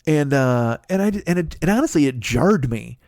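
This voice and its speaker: A man's voice: medium pitch, animated, moderate pace, a little mellow, no room sound, clean studio sound. A man in his forties hosting a comedy podcast, delivering a profane, ranting monologue full of mocking impressions. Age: 40s.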